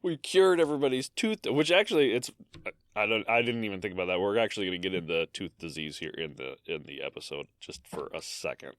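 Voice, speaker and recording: A man co-hosting a casual podcast, talking in an animated way, swearing freely and restarting his sentences. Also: low voice, fast talker, no room sound, studio quality. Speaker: podcast co-host. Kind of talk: casual chat.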